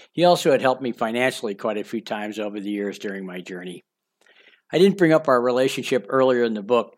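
Older man candidly reading his memoir. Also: mid-range voice. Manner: candid, conversational, addresses listener directly. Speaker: author narrating his own memoir. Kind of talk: audiobook memoir narration.

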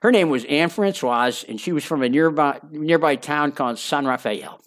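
A man's voice: on the high side, moderate pace, a bit bright. A man narrating his own memoir in a conversational way, with wry asides and phrases repeated for emphasis.

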